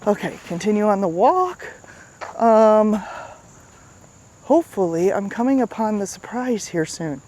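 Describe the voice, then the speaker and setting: A woman's voice: medium pitch, expressive, a little slow, pauses often, dark tone. A woman hosting a casual vlog outdoors on a riverside path. She talks to the camera while walking, a little out of breath, and often checks in with "right?". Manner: chatty, repeats itself, asks "right?". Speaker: fitness coach and vlog host. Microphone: handheld camera while walking.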